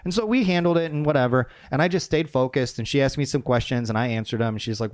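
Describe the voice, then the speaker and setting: Speaking fast with few pauses, a man with a medium-pitched voice casually tells a personal story about leadership. It's a conversational, animated retelling full of restarts and acted-out quotes.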